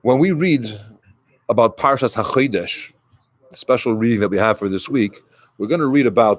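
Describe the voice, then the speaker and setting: A man who is a rabbi, giving a conversational sermon and retelling a story with quoted dialogue. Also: on the low side.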